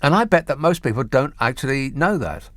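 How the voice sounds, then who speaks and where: Sardonic radio host, dry studio. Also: male voice, medium pitch, expressive, brisk, no echo. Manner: sardonic, mocking political commentary. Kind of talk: talk radio monologue and phone-in. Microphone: studio microphone.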